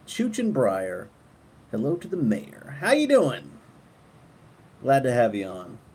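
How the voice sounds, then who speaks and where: A middle-aged man hosting a casual live stream at night, talking to viewers in a relaxed, rambling way and often restarting his sentences. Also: mid-range voice, takes it slowly, slightly rough. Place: outdoors at night, windy, on a porch. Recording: wind noise on the mic outdoors.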